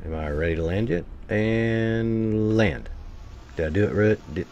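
A deep, gravelly man talks his way through a game, his pitch swinging widely as he swears, grumbles and calls out to his viewers. His voice is picked up by a desk mic, with a faint hum of noise behind it. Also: expressive, normal speed, a little mellow, dull audio. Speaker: gameplay streamer. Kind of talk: casual gameplay commentary.

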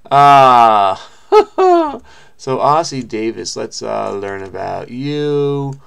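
Excitable man reading aloud with asides. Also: on the low side, gravelly. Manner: excitable, interrupting himself with exclamations; reads an article aloud, then reacts. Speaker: crossword video host. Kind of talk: reading aloud with running commentary.

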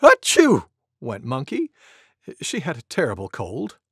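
A man hosting storytime, reading a picture book aloud to preschool children in an expressive, animated way. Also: a little high, slow, breathy edge, no echo, clean studio sound.

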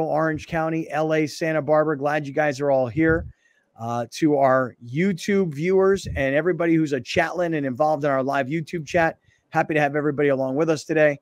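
A male radio and TV show host chatting casually in a studio and acting out stories with lively dialogue. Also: a little high, brisk, no echo. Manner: animated storyteller, acts out dialogue. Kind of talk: casual sports talk show chat. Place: broadcast studio. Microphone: studio microphone.

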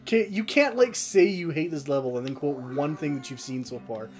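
A man's voice: on the high side, normal speed. A young man co-hosting a let's play, teasing his friend sarcastically and cursing, over game music. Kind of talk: casual gaming banter. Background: video game music.

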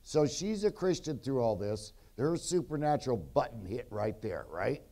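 A rowdy man shares his testimony on a convention stage, cracking jokes and cutting in with blunt asides. His voice sits in a middle pitch and has a warm, mellow color, and he speaks into a stage microphone. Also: very animated, normal speed. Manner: jokey, keeps interrupting, blunt and rowdy. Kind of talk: rambling storytelling testimony. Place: convention stage before an audience.

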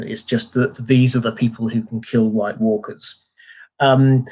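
Measured, dry-humored man. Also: medium pitch. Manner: measured, dry, mock-formal. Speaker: co-host of a fan discussion livestream. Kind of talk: casual chat.

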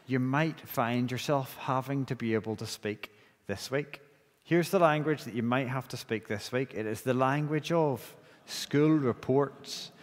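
Man, Northern Irish accent, church service leader, halting restarts, long church reverb. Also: medium pitch. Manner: halting, often repeats the opening words of a phrase. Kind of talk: prayer and children's talk in a church service. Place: church sanctuary.

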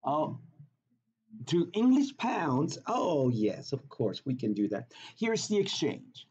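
A man's voice: on the high side, huge pitch swings, slow pace, a little mellow, slightly rough, lo-fi sound, full character voice. A man doing a sweet Southern old lady teller. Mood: sweetly helpful. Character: little old blue-haired bank teller lady, sweet.

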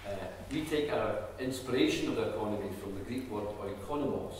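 A Scottish man gives a chatty, self-deprecating talk and slips in quick jokes. He sounds a bit tired. He is picked up from far off in a big hall with a long, echoing reverb. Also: on the low side, slight background noise. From Scottish Highlands. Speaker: think tank chief executive speaker. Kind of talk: public talk at a community event. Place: large echoey hall. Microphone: distant room mic. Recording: echoey hall, speaker far from mic.

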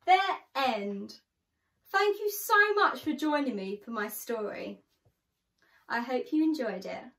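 Woman reading a kids' storybook, slow n sing-songy, pitch all over the place, slightly high voice. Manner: slow, expressive, sing-song. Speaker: children's storyteller.

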